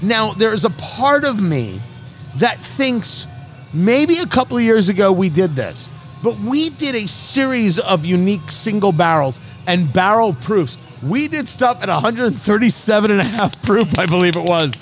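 A man hosting a casual podcast, joking and talking fast with lively, restless energy. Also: sits high, faint music behind. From New Jersey, USA. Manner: quick, animated, jokey, talks over others. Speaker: podcast host. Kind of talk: casual chat.

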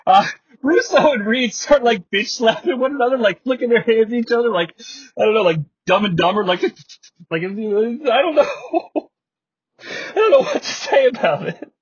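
A man's voice: very high-pitched, expressive, moderate pace, breathy edge, no room sound. A man hosting a podcast, recapping old wrestling with wry humor, frequent laughter and rambling asides. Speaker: podcast host. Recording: dry, slightly muffled podcast mic.

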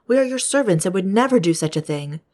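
A woman's voice: mid-range voice, lively intonation, fast talker, darkish tone, lightly acted. A woman reading as protesting brothers. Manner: protesting, earnest read-aloud delivery. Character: group of anxious brothers, adult men.

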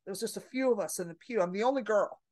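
A middle-aged woman comedian telling brash stories in a casual podcast chat, acting out her own reactions loudly. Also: medium pitch, very fast, dry recording. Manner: brash storyteller, loud animated re-enactments. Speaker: comedian guest.

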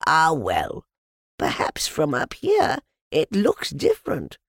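A man doing a husky, musing Winnie the Pooh. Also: a little high, wildly swooping pitch, no echo, pitched above the performer's own voice, exaggerated voice. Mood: earnest musing. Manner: earnest, musing, drawn-out phrasing. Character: gentle, slow-witted teddy bear, male. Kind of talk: storybook reading.

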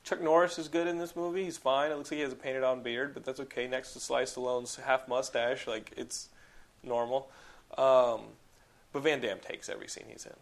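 A man in casual chat reviewing films, rambling with lots of "like" and swearing. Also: medium pitch. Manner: rambling, heavy use of "like", profane and animated. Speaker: podcast co-host reviewing films.

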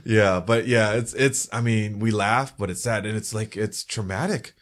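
Low-voiced man hosting a chatty podcast. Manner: animated storyteller, quick asides with laughs. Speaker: podcast host. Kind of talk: casual chat.

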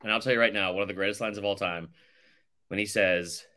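A man co-hosting a podcast, chatting casually and ranking movies with blunt, animated opinions and some swearing. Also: on the low side, fast talker, noisy background. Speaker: podcast co-host. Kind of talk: casual chat.

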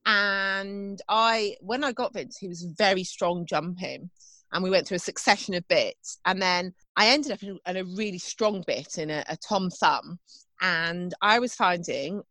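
A woman's voice: lowish voice, unhurried, sharp tone, no echo. A woman, co-hosting a casual chat and telling stories in a chatty, self-deprecating way. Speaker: podcast co-host and event rider.

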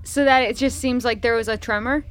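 A woman playing a tabletop game, talking in an excitable, animated way. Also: on the high side, fairly quick, smooth. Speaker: player. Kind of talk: casual tabletop play.

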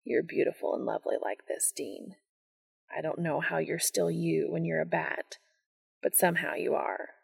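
A woman voicing a shy, tender young man in love, speaking softly and low in a hushed voice. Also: normal speed, gravelly, husky, full character voice.

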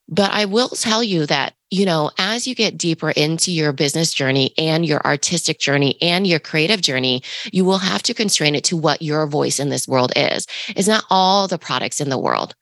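A woman with a low, gravelly, raspy voice talks through a casual podcast monologue. She coaches her listeners in a rambling way, full of fillers and restarts. The sound is close and dry. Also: expressive, normal speed, few pauses, a bit bright, no room sound. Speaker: podcast co-host.

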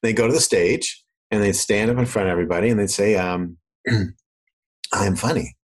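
This man explains marketing fast in a casual chat, his lowish voice heard on a low-quality recording. Originally from Canada with a mostly faded accent, he gets animated and mimics the voices he quotes.

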